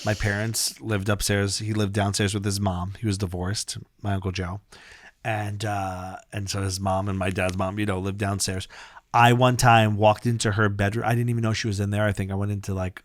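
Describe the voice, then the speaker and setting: A male podcast co-host trading quick, profane jokes and stories in a casual chat. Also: fairly low pitch, no echo, studio quality. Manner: quick joking banter, profane.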